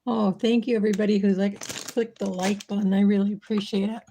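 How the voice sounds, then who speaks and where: Woman host for a casual kitchen livestream, mellow and relaxed, a bit worn-voiced, faint background hiss. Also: medium pitch, brisk. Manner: chatty, thinking aloud while working. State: losing her voice.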